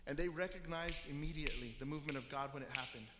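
Man, pastor, sermon, storytelling, high pitch, long hall echo. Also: fast talker, very noisy. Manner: storytelling, acts out quoted people. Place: church sanctuary. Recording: long church reverb.

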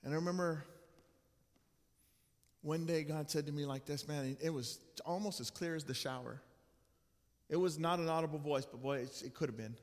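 High-voiced pastor preaching in a reverberant church. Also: male voice, moderate pace, pauses often. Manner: earnest, conversational, with frequent restarts. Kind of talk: sermon with personal storytelling. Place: church sanctuary. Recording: long church hall reverb.

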